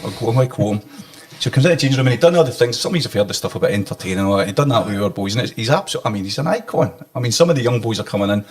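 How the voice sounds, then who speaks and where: A Scottish man, a former football manager, telling an animated story on a podcast. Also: mid-range voice, very fast. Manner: animated anecdote-telling, gets emotional.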